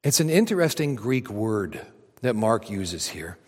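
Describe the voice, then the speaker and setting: A man preaching a sermon to a congregation, swinging between loud emphatic lines and hushed near-whispers. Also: lowish voice, sing-song, unhurried, husky. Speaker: pastor. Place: church auditorium. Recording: long hall reverb.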